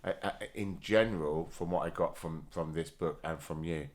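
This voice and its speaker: Low-voiced guy hosting a podcast, blunt, swears a lot, casual. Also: moderate pace. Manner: blunt, swears freely, short interjections. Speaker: podcast host. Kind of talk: casual chat.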